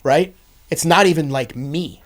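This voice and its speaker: Speaking at a measured pace in a fairly high voice, a podcast guest recounts his personal testimony. His earnest, intense delivery swings from loud outbursts to hushed stretches.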